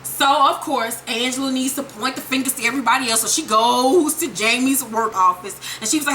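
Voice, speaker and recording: Woman vlogger, profane TV recap, acts out characters, high bright voice. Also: fairly quick, hardly any pauses, slight background noise. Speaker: TV episode reviewer. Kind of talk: casual episode recap.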